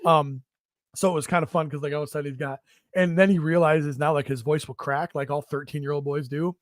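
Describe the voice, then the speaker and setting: Profane storytelling podcast dad. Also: male voice, fairly high pitch, fairly even intonation, quick pace, dry recording, studio quality. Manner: profane, rambling storytelling with mocking impressions. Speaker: podcast co-host. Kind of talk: crude comedic podcast banter.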